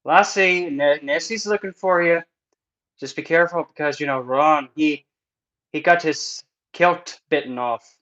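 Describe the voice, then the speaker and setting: A man putting on a Scottish accent, voicing a rowdy, joking Scotsman who talks loudly and teases. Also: a little high, measured pace, highs cut off. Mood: teasing. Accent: Scottish, put on. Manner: loud, boisterous teasing.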